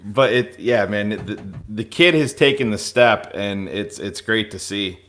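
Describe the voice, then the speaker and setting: A man with a bright, forward voice, visiting a sports podcast as a guest. He keeps an easygoing, relaxed tone and agrees readily with the others. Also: lowish voice, a little slow. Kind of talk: casual sports chat.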